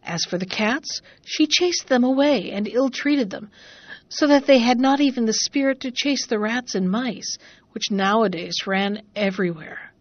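A woman narrating a fairy tale in a measured, expressive reading voice. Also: on the high side, no room sound, lo-fi sound. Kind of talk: storybook narration.

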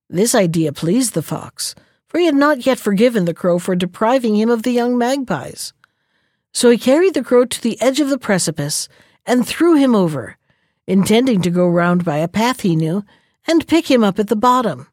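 A woman narrating an animal folktale in an expressive, measured storybook style. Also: a little high, no echo, clean studio sound.

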